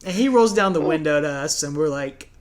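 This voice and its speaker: A man's voice: fairly high pitch, expressive, fairly quick, a little hiss or hum. A man, co-hosting a podcast and telling stories casually, often breaking into laughter. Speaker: podcast co-host. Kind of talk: casual storytelling chat.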